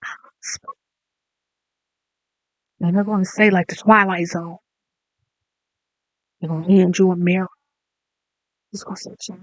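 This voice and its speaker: An online commentator delivering a mocking, profane rant that spins into a drawn-out, taunting made-up story. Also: mid-range voice, flat delivery, no echo.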